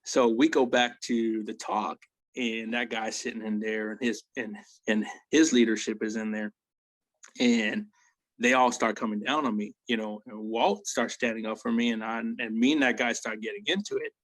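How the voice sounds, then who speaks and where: Profane, animated veteran man telling stories. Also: lowish voice, moderate pace, no room sound. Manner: profane, animated storytelling with acted quotes. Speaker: interview guest, Army veteran. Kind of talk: casual storytelling interview.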